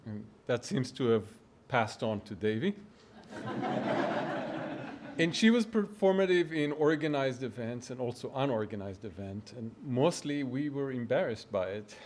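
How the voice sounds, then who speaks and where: Man remembering his mom at the memorial, halting, bit of hiss behind. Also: mid-range voice, expressive, a little mellow. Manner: halting, hesitant. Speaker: son of the deceased, eulogy speaker. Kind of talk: unprepared memorial remarks.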